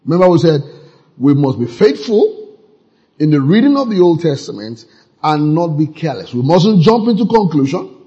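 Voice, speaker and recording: Male preacher, husky and raised in pitch, reads verses and quizzes the congregation. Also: very animated, normal speed, dark tone, dull audio. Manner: questions the congregation and reads scripture aloud, rising to emphatic peaks. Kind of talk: call-and-response sermon.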